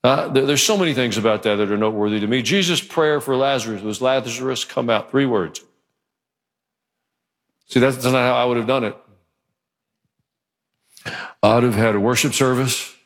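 A man's voice: mid-range voice, normal speed, pauses often. A male pastor preaching a sermon in church, in a conversational, joking manner. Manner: conversational and joking, acts out quotes.

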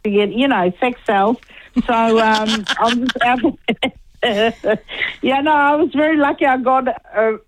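A woman with a blended South African and Kiwi accent, speaking in a slightly high voice. She chats casually in a radio interview, breaking into laughter as she tells quick stories. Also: steady tone, a little hiss or hum, poor audio. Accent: mixed South African and New Zealand. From South Africa and New Zealand. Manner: chatty, laughs often, quick anecdotes. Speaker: comedian guest.

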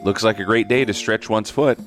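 Man playing a cheerful boy limpet, deep, friendly, storybook reading. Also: a little fast, music in the background, close to an everyday voice. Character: cheerful male limpet with a rasping voice.

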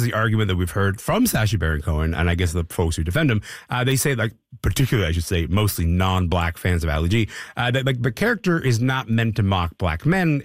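Animated man hosting a panel. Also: fairly low pitch, dry recording, clean studio sound. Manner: lively, questioning, animated delivery. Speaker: host. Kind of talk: panel discussion.

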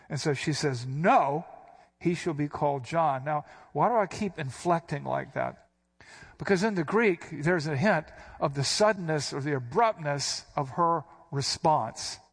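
A man's voice: on the high side, a little slow, creaky, slightly rough. A man preaching a sermon, explaining scripture verse by verse with emphatic stresses. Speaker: pastor.

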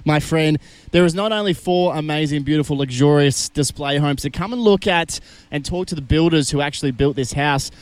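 A man hosting a live radio outside broadcast, out of breath and pitching an event in upbeat promotional patter. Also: fairly quick, clear, resonant tone, no room sound. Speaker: radio host.

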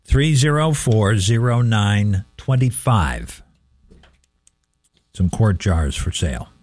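A man's voice: fairly low pitch, animated, slow, darkish tone, no echo, clean studio sound, soft background music. A man hosting a casual radio swap shop, reading listings and repeating phone numbers carefully.

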